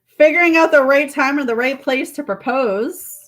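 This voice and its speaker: Chatty tarot reader woman, fairly high voice. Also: moderate pace, a bit bright. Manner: chatty, reads card messages aloud, talks to viewers. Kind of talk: live tarot reading chat.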